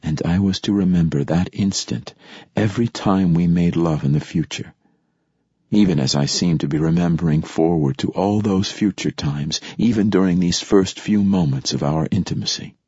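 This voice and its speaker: A man reads a novel aloud in a measured, reflective narration. His voice is very deep and husky, recorded dry and close with a slightly dull, muffled sound. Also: dark tone, no room sound. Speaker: audiobook narrator. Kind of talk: scripted narration.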